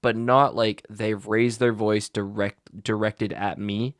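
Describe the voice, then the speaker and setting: A young adult man, a teacher and podcast co-host, telling a school story in blunt, animated casual chat with many likes and restarts. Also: lowish voice, slow, no room sound, clean studio sound.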